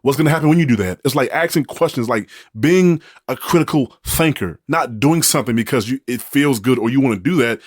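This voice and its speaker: Soft-spoken rambling young man, dry close mic. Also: a little fast, hardly any pauses, no echo. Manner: rambling, repeats words, quiet and low when musing. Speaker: podcast co-host. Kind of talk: casual relationship chat.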